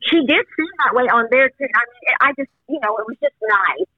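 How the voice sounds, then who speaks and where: A woman's voice: on the high side, a little fast, no echo. A talkative woman chats in a rambling, easygoing way, often trailing off and laughing. Her voice comes through dull and muffled, in a dry, close sound, like a phone line. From Missouri. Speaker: guest, host's mother. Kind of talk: casual chat.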